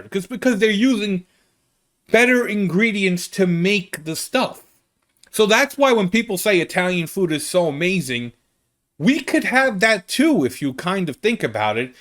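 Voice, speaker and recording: An American comedian chatting casually about a trip, rambling and interrupting himself, often checking in with "okay?". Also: male voice, high voice, a bit bright. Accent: American English. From United States. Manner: rambling, self-interrupting, keeps asking "okay?". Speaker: comedian telling a travel story. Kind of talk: casual chat.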